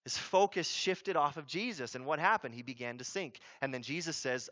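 A man preaching a sermon as pastor, emphatic, asking rhetorical questions and repeating key phrases, swinging from loud urgency to a low hush. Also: lively intonation, moderate pace, dull audio.

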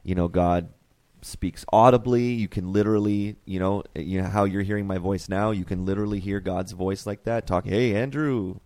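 A man hosting a casual faith podcast, animated and rambling, laughing often. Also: low-pitched, normal speed, few pauses, no room sound. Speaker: podcast host.

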